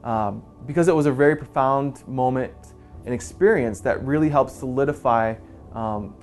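A man in his forties, a pastor, telling an earnest personal story in a quiet, soft-spoken way. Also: medium pitch. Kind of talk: personal testimony in a church video. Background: soft guitar music.

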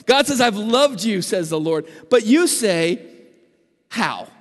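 A man preaching a sermon as pastor, moving between emphatic and hushed delivery. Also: high voice, expressive, unhurried, in a large hall.

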